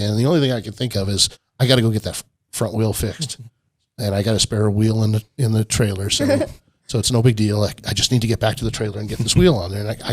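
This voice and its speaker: In a dry recording, a middle-aged off-road park owner appearing as a podcast guest tells a long, meandering story in a casual interview, laughing frequently. His voice is fairly low and darkish in tone.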